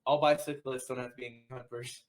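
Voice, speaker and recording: A man's voice: mid-range voice, flat delivery, a little fast, a little hiss or hum. A man co-hosting a casual movie chat, joking and laughing often. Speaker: podcast co-host.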